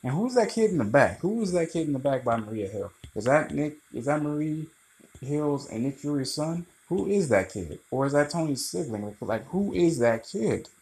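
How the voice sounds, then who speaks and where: A man's voice: fairly high pitch, sing-song, moderate pace, darkish tone, poor audio. Rambling, profane male movie reviewer.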